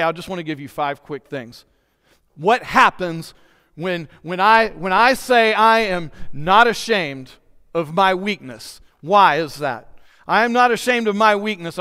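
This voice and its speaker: High, smooth-voiced man preaching in a reverberant church. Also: sharp tone. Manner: earnest, questions the congregation directly. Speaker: pastor. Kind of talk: sermon. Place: church sanctuary. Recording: long hall reverb in a church.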